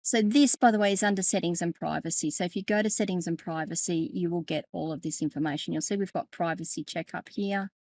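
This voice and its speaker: A woman's voice: on the low side, quick pace, hardly any pauses, a little mellow, no room sound. A middle-aged woman, walking viewers through a settings tutorial in a chatty way, correcting herself and often laughing. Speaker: tech educator and podcast host. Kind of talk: screen-share tutorial.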